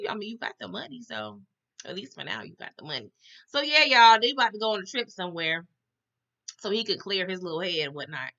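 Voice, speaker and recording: A woman casually recapping a TV episode for her viewers, animated and slangy, talking straight to the audience. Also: medium pitch, fast talker, vocal fry, lo-fi sound. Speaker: TV recap host.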